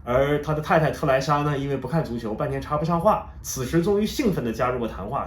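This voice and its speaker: A man from China who tells a lively story, then hosts a casual interview with two guests. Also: mid-range voice, quick pace, few pauses, roomy sound. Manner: lively storyteller, voices quoted people. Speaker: host and interviewer.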